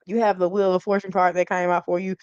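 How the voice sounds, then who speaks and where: A woman hosting a live stream of tarot readings, joking and preaching straight to her viewers in a casual, animated way. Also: fairly low pitch, quick pace, clean tone, dry recording, highs cut off.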